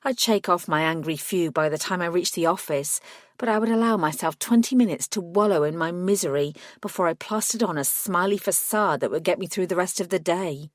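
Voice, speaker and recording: A woman reading a first-person paranormal audiobook with wry, measured narration. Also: lowish voice, no echo, clean studio sound.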